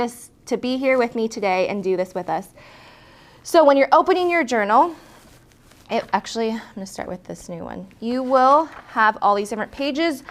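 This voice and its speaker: A woman teaching a hand lettering tutorial in a chatty, encouraging way, often correcting herself mid-sentence as she shows her supplies. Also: on the high side. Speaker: lettering instructor. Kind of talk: casual hands-on tutorial.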